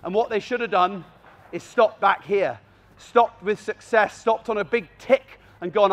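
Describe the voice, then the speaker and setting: A man with a high voice talks a crowd through a gundog training demonstration at an outdoor fair. He speaks in an expressive, animated way and slips into playful calls to the dogs. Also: a little slow. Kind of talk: live demonstration commentary to an audience. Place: outdoor country fair arena.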